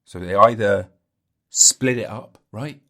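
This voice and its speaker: Speaking slowly in a voice on the low side, pushed and bright, a podcast host rambles through his solo comedy show. He jokes, interrupts himself, and laughs at his own lines.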